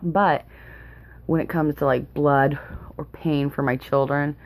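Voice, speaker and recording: A young mother vlogs from indoors at home, rambling nervously in casual chat and laughing often. Her voice is low and a little mellow, with a steady tone and slow delivery.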